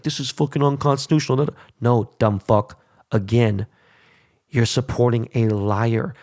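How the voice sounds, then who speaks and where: A male podcast host on a heated solo rant, blunt and full of profanity. His pitch sits in the middle range for a man comes through. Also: gravelly, darkish tone.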